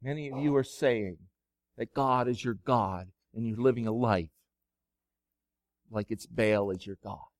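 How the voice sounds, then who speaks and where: A pastor preaching a sermon, moving from quiet, low retelling to loud, soaring exhortation. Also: male voice, a little slow, pauses often, no echo, clean studio sound. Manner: swings from soft, low storytelling to loud, high-pitched preaching.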